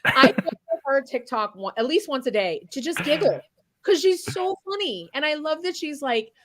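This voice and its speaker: This guest chef and singer has a high-pitched, expressive, slightly bright voice at normal speed. In a candid interview, she's blunt and emphatic, cursing freely as she says what she thinks.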